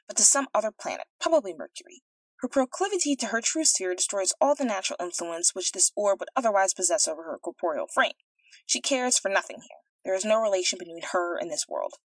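A woman voicing a quick, flighty old male philosopher who lectures rapidly and insistently, recorded a little off-mic. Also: medium pitch, no echo, recorded from a distance, close to an everyday voice, rough recording.

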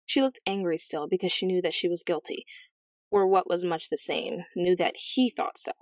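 A woman narrating a fairy tale as an audiobook, in a measured, gently expressive storytelling manner. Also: on the low side, dry recording, clean studio sound.

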